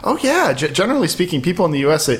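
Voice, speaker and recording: A man co-hosting a podcast in casual chat, quick and often repeating words as he restarts. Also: a little high, big pitch swings. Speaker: podcast co-host.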